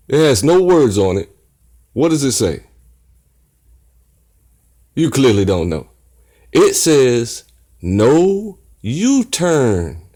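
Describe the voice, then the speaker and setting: A man's voice: on the high side, a little mellow. A man hosting his own channel, teaching viewers in a casual livestream and peppering them with rhetorical questions. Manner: teasing, talks straight to chat viewers. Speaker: channel host.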